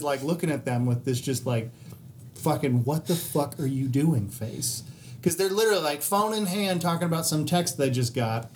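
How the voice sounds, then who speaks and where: A man's voice: mid-range voice, slight background noise. A man co-hosting a podcast, telling a story casually with plenty of swearing. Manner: profane, animated anecdote-telling with quoted voices. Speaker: podcast co-host.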